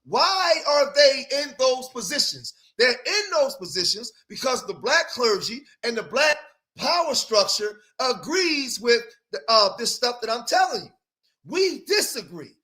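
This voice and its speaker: Here the male host's pitch is extremely high, swinging widely, yet he speaks unhurriedly in a pushed, bright tone. Commenting on played clips, he is emphatic and rhetorical and keeps tossing "right?" to his listeners.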